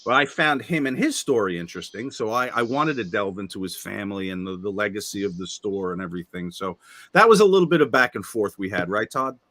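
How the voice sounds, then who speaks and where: A man's voice: lowish voice, lively intonation, brisk, bright, forceful tone, no echo. A man hosting a livestream interview in a joking, casual way, reading viewer comments aloud. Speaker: podcast host.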